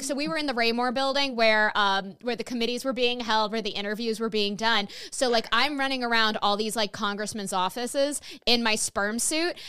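With a slightly high, somewhat bright, smooth voice, a young woman runs a podcast interview as its host. The conversation is casual, and she's lively and swears without restraint.

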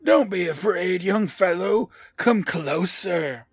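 A man's voice: sits high, lively intonation, slow, breathy edge, no echo, clean studio sound, faint music behind, pitched above the performer's own voice, exaggerated voice. A man voicing a creepy old-man haunted mask that mocks and bosses a boy. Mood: coaxing.

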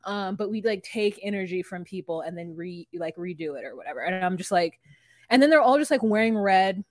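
A woman's voice: fairly low pitch, expressive, a little fast, no room sound. Woman, podcast co-host, rambling casual chat, frank and profane, dead-dry close mic.

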